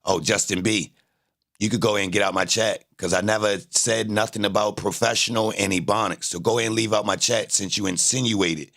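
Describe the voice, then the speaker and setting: A man's voice: fairly low pitch, fairly even intonation, a little fast, gravelly, fairly bright tone. A man livestreaming, arguing with his chat in a confrontational, taunting way and repeating his jabs. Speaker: livestreamer reacting to trial footage. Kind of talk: casual live-stream commentary, arguing with chat.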